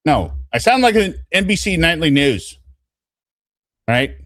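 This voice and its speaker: A man's voice: fairly high pitch, very animated, a little slow, a bit bright, no room sound, studio quality. A man from the US West Coast hosting a stream, arguing playfully and laughing. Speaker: stream host. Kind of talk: casual chat on a stream.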